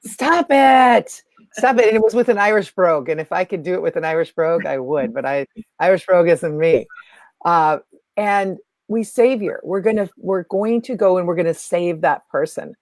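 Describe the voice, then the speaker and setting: A woman's voice: fairly low pitch, a little fast, darkish tone, no echo. A woman guest teaching about spiritual energy, talking emphatically and repeating key phrases. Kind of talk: teaching talk.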